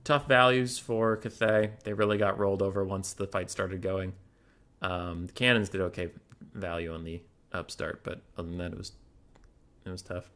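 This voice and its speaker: Chatty, low-voiced male game caster. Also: steady tone, normal speed, fairly bright tone. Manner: chatty, digressive, talks to chat viewers. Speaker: tournament caster and streamer. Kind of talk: live-streamed strategy game commentary.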